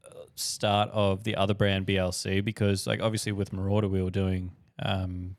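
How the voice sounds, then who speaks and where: A laid-back man, a brand founder, answers in an easygoing interview, chiming in with short agreements. His voice sits a bit low with a gravelly edge, recorded close and dry. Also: flat delivery, moderate pace, dry recording. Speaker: guest, drinks brand founder. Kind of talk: casual interview chat.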